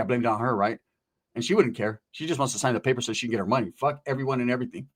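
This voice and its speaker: A young man telling a rambling, profane comic story in a casual, animated way. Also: mid-range voice, very fast. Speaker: comedic storyteller.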